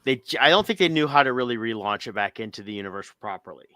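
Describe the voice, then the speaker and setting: A man's voice: medium pitch, lively intonation, fast, sharp tone, no room sound. A man co-hosting a podcast, chatting casually and rambling with restarts. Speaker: podcast co-host. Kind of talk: casual chat.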